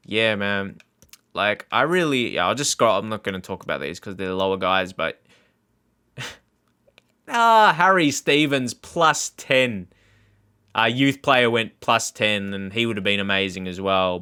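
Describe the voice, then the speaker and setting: A gaming channel host gives casual gameplay commentary, rambling and laughing often as he walks viewers through the game. His voice sits on the low side, with a sharp yet smooth tone.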